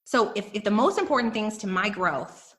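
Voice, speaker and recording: Bright, emphatic woman podcast host. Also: mid-range voice, normal speed. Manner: energetic, emphatic, addresses listeners as "you guys". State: emotional, near tears. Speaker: podcast host and business coach. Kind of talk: motivational podcast talk.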